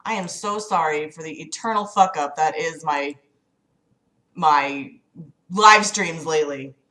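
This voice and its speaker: A woman's voice: sits low, measured pace, bright, forceful tone. A woman hosting a casual livestream, chatting with viewers in an exasperated, apologetic way and swearing often. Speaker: livestream host. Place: home room.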